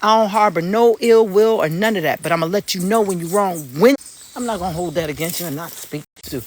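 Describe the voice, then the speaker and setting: A vlogger chatting casually on a live stream from an outdoor garden, telling stories bluntly with swearing and excited exclamations. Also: mid-range voice, quick pace. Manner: animated, blunt storytelling with swearing; excited exclamations while looking at plants. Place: outdoors in a garden among fruit trees.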